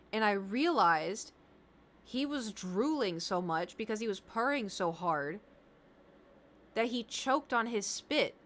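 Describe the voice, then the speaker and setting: A woman's voice: mid-range voice, fairly bright tone. A woman streamer chatting casually, telling rambling stories and talking to her cat.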